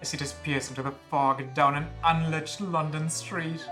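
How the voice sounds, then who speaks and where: A man's voice: on the high side, level tone, moderate pace, music in the background, close to an everyday voice. A man putting on a gushing young lady assistant. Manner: gushing, breathless enthusiasm. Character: excitable young woman assistant, romantic, bookish.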